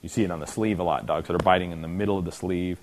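A man with a very low voice giving an informal lecture to dog trainers at a training clinic. He keeps it conversational, checking in with the class and acting out what he describes, over a faint hiss of noise. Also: steady tone, racing. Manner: conversational, often checking in with the class, acts out scenes.

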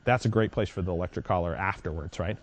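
A man's voice: sits low, fast. A man dog trainer explaining a technique in a casual, conversational teaching style, often checking in with the listener.

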